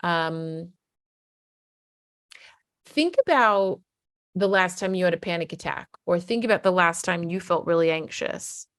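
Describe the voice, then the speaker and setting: A woman's voice: lowish voice, unhurried, pauses often, fairly bright tone, no room sound, clean studio sound. A middle-aged woman, a parenting coach, explaining earnestly in a conversational way. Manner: earnest, conversational, often acts out quoted voices. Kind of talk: explanatory talk to camera.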